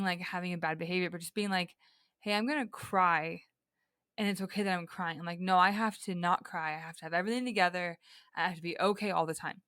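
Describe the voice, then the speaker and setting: Earnest young woman, low and dry. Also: a bit bright, smooth, no room sound. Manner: earnest, reflective, frequent fillers and restarts. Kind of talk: casual heartfelt conversation.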